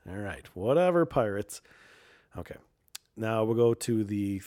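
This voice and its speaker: A man's voice: on the low side, lively intonation, measured pace, mellow, no room sound, studio quality. A man hosting a casual talk show, rambling and sarcastic, reading news aloud and muttering asides. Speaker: podcast host.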